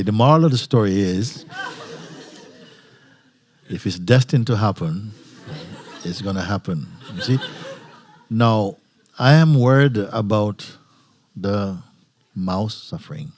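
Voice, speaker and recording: A man with a fairly low voice tells a story at an informal retreat talk, breaking into laughter often. His phrasing is loose and non-native, with plenty of fillers and restarts. He is a spiritual teacher speaking casually to his listeners. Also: takes it slowly, long pauses, darkish tone.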